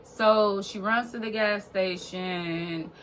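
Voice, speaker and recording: A woman's voice: mid-range voice, fairly even intonation, takes it slowly, fairly bright tone, a little hiss or hum. A young woman vlogger telling a long personal story in a casual, rambling way, full of fillers and swearing.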